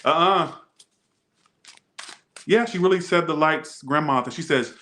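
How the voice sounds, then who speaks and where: A man's voice: a little high, measured pace, pauses often, sharp tone. A man hosting a tarot reading video, chatting casually with rambling, joking asides. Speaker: tarot reader.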